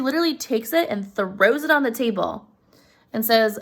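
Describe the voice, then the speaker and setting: A woman's voice: on the high side, lively intonation, normal speed. A woman retelling a story in a casual, chatty way, talking straight to her listeners and using many fillers.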